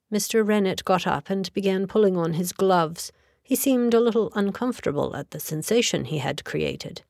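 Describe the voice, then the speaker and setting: A woman narrating a novel in a measured, even storytelling manner. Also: medium pitch, creaky, no room sound, studio quality. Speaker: audiobook narrator. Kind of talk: scripted narration.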